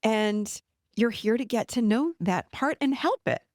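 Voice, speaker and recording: A woman in her forties, a podcast host and therapist, giving a teaching self-help talk in a gently reassuring, animated coaching manner. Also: fairly high pitch, measured pace, no echo, studio quality.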